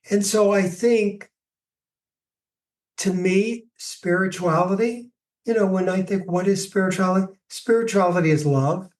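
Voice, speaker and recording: A man, a grief expert, answering podcast questions with slow, reflective stories. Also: high-pitched, a little mellow, far from the mic. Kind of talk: podcast interview, storytelling answers.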